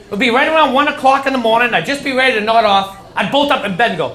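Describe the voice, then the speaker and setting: A man doing stand-up, telling stories with animated voices for worried adults and excited kids. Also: extremely high pitch, rapid-fire. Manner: animated storytelling, acting out anxious inner voices. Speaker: stand-up comedian. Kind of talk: stand-up routine. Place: comedy club stage. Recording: live club recording, echoey room with audience laughter. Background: audience laughing.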